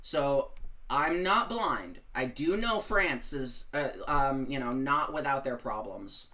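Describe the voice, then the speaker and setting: Bright, rambling American live streamer. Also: mid-range voice, animated, takes it slowly. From United States. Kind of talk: casual live-stream commentary.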